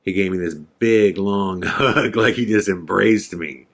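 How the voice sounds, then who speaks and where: A man's voice: low-pitched, a little slow. A man hosting a podcast, telling a story in a casual, rambling way with many fillers. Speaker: podcast host.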